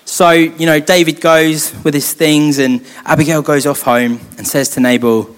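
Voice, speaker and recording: A man's voice: on the high side, steady tone, moderate pace, few pauses. A young man, a youth leader, telling a Bible story in a chatty way with joking asides. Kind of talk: casual Bible storytelling talk. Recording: long hall reverb.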